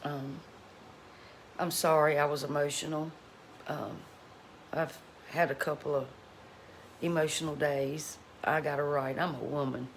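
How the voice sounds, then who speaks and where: A woman's voice: sits low, fairly even intonation, unhurried, long pauses, slight background noise. A middle-aged woman, chatting folksily to her cooking channel viewers at home, laughing often. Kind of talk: casual chat to viewers.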